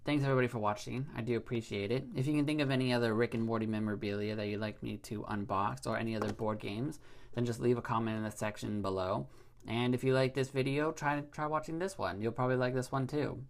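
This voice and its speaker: A young man with a gravelly, mid-range voice hosts a casual unboxing video. He reads game cards aloud and then rambles about them with hesitant, repeated phrases. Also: mid-range voice, fairly even intonation, fast. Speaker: board game unboxing host.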